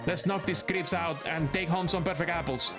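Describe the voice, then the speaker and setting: A man's voice: on the high side, normal speed, close to an everyday voice. A man reading an earnest young partner creature. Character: timid but brave young partner creature. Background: game music.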